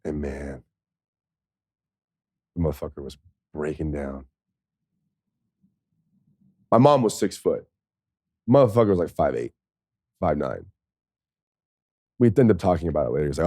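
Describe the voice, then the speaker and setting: A man's voice: sits low, normal speed, long pauses, dry recording, studio quality. A man, a former pro football player, tells a candid, profane personal story in a podcast interview, and he is tearful at times. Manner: candid and profane, with laughs and soft, choked passages.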